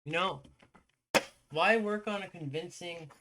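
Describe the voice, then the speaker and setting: A young male streamer chats to his viewers in a put-on American accent, rambling and joking as he plays. His voice is bright and a little higher than most men's, kept low and quiet. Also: measured pace. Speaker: game streamer. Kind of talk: casual live-stream chat.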